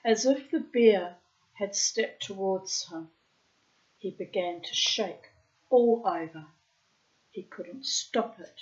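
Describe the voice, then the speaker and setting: A woman slowly reading a storybook aloud, with dramatic pacing and playful asides. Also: mid-range voice, dull audio. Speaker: storybook reader. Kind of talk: storybook narration.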